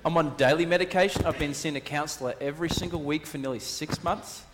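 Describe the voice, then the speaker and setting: A man's voice: a little high, quick pace, background noise. A married male pastor preaching a sermon, telling stories animatedly and acting out voices. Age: adult, married. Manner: animated storyteller, acts out voices, repetition for emphasis. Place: church hall. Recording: long reverb of a church hall.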